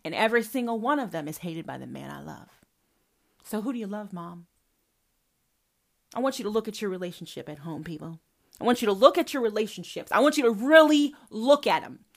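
A woman's voice: on the high side, a bit bright. A woman hosting a personal podcast, talking straight to her mother in a profane, confrontational and emphatic way. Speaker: podcast host.

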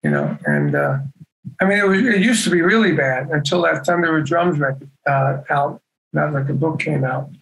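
A man's voice: on the high side, sing-song, normal speed, creaky, a bit bright, poor audio. An older man chatting as a guest in a casual interview, rambling and leaning on lots of "you know" fillers. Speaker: guest musician.

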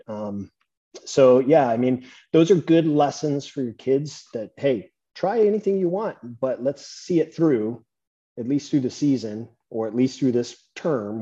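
Middle-aged male host, husky and warm-toned, easy storyteller; slightly muffled lo-fi audio. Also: mid-range voice. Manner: relaxed storytelling, acts out dialogue. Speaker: podcast host. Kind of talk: conversational interview. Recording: dull lo-fi sound.

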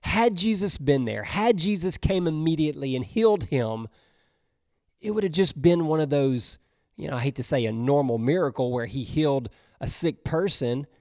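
A man's voice: fairly high pitch, expressive, mellow, dry recording, studio quality. A man preaching a sermon. He reads scripture dramatically and adds casual, conversational comments. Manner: reads scripture slowly and dramatically, then breaks into casual asides.

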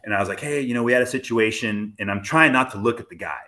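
A man guest telling a story in casual chat, animated and laughing as he goes. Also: medium pitch, quick pace. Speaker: podcast guest, medical team member for motocross.

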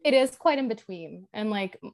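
A young woman from Ireland with an Irish accent softened toward American, co-hosting a casual chat podcast, blunt and dry with some swearing. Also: mid-range voice, expressive, moderate pace. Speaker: podcast co-host.

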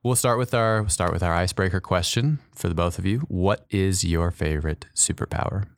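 A man's voice: low voice, a little fast, no room sound. A male podcast host asking playful, joking questions in casual interview chat.

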